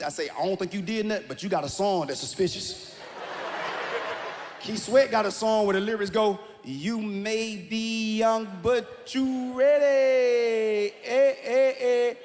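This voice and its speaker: Man, stand-up comedian, very high voice, loud punchy delivery, long hall echo. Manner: loud, animated storytelling with shouted punchlines and acted-out quotes. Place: stage in a large hall with a live audience. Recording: live hall reverb, faint room noise.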